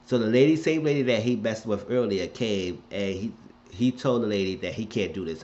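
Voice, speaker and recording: A man's voice: on the low side, lively intonation, normal speed, darkish tone, a little hiss or hum. A man casually recapping a TV episode, rambling and colloquial as he retells the scenes. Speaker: TV show recapper. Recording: dull lo-fi recording.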